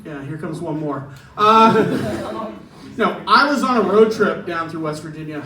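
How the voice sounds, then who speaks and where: A man's voice: high voice, animated, unhurried, echoey room, far from the mic, a crowd in the background, poor audio. A man doing a stand-up set in a club, chatty and chuckling through his punchlines. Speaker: stand-up comedian. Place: comedy club stage.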